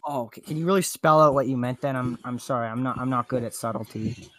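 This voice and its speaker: A man hosting a comedy podcast, goofy and flustered, his voice jumping up high when he panics. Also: fast, a bit bright. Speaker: podcast host. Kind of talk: comedic casual chat.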